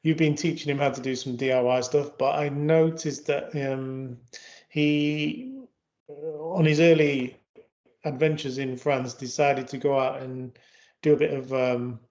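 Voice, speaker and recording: A man with a mid-pitched voice hosts a casual chat in an easy, joking way. He keeps turning questions to his co-host. The recording sounds dull and lo-fi. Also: steady tone, a little slow, a little mellow.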